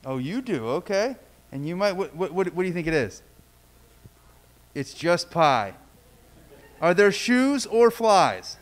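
A man's voice: sits high, big pitch swings, a little slow, long pauses. A man leading a children's story in church, playfully asking the kids questions and telling a story. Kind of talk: children's sermon. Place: church sanctuary.

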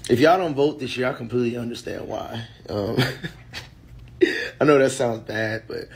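A man's voice: medium pitch, unhurried, breathy edge. Dismissive male co-host chatting. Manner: dismissive, conversational. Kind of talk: casual reaction chat.

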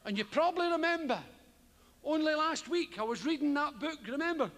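A man's voice: extremely high pitch, fairly quick, long reverb tail. A man doing a stand-up comedy routine, swearing freely and acting out the people in his stories. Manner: animated, sweary, acts out voices. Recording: live stage recording with background noise.

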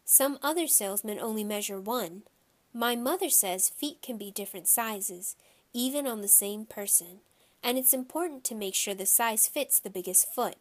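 A woman reading a children's novel aloud in a steady storytelling voice. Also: mid-range voice, normal speed. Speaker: audiobook reader.

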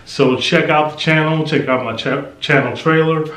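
A man's voice: on the high side, moderate pace, a bit bright, echoey room. A man hosting his own reaction video, chatting casually and rambling, correcting himself as he goes. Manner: rambling, self-correcting, joking. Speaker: reaction youtuber. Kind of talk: casual vlog chat.

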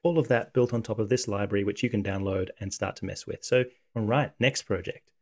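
A man hosting a casual coding tutorial, talking through software on screen in a relaxed, conversational way. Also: fairly low pitch, brisk. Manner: relaxed, conversational, thinks aloud.

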